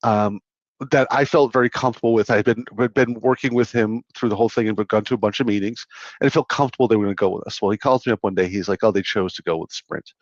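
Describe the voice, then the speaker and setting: A man's voice: fairly low pitch, fast talker, no echo, dull audio. A man co-hosting a podcast, telling sales stories in casual chat, rambling and repeating words. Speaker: podcast co-host, sales manager.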